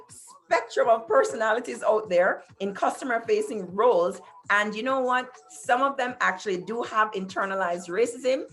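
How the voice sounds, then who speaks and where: Speaking through a computer microphone on a video call, this middle-aged woman delivers a casual talk show monologue. Her voice sits in the mid-range with a fairly bright tone, and she tells emphatic stories while talking straight to the audience.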